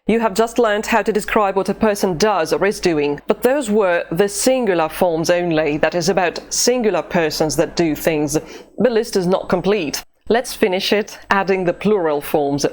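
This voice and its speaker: A woman teaching an online language lesson, pronouncing drill phrases slowly and deliberately. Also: fairly low pitch. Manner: slow, deliberate drill pronunciation.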